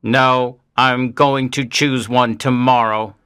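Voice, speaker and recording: A man plays a weary alien hiding behind a human mask, scheming in slow, measured words for a storybook audio drama. The voice is bright and forceful in tone, and the delivery is deliberate and unhurried. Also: mid-range voice, little pitch movement, clean tone. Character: alien male disguised as a teacher, weary. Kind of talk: graded-reader audiobook drama.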